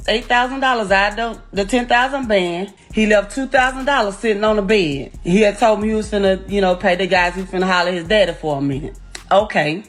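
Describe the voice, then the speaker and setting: A middle-aged woman giving a raw, profane first-person account as a grieving mother, rising to anguished outbursts. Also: mid-range voice. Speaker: grieving mother telling her story.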